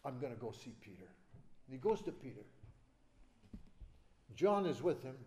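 A man preaching a sermon, acting out quoted voices and swinging from loud emphasis to hushed, soft lines. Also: medium pitch. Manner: acts out quoted speech. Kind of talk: expository sermon.

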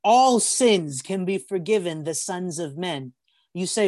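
A man preaching a sermon on a video call, telling stories with animated acted-out voices and often stumbling over repeated words. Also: high voice, a little slow, no room sound. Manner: animated storytelling, acts out voices.

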